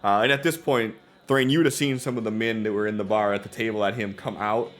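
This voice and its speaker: A man's voice: on the low side, steady tone, fast talker, a bit bright. A man narrating a tabletop game as game master, telling the scene in a laid-back way with plenty of ums and uhs. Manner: laid-back, filler-heavy storytelling.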